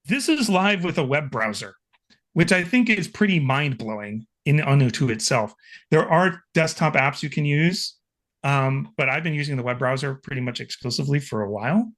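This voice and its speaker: A man, a guest expert, giving an enthusiastic, chatty live software demonstration over a video call. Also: mid-range voice, animated, normal speed. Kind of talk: casual live software demo.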